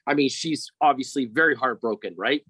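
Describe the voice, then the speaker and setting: A man's voice: mid-range voice, brisk, bright, forceful tone, breathy edge, no room sound, rough recording. A middle-aged man telling a personal story as a podcast guest, rambling and often checking in with "right?".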